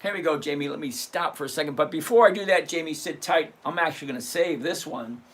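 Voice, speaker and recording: A fast-talking man in his sixties with a fairly high, slightly bright voice hosts a live trading stream. He chats casually, jokes and swears while going through numbers step by step, teaching as he goes.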